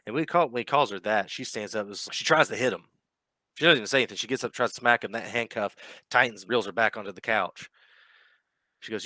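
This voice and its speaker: Bright-voiced man narrating a tabletop game. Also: fairly low pitch, quick pace, dry recording. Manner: casual, descriptive, with restarts. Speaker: game master.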